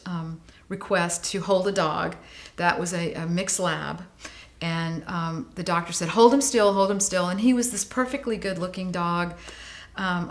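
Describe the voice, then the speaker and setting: A woman in her late forties, a guest on an interview show, telling a story with lots of feeling, her voice rising and dropping with the tale. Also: medium pitch. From United States. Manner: animated, vivid storyteller, voice rising and falling with the tale. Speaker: guest, animal welfare advocate.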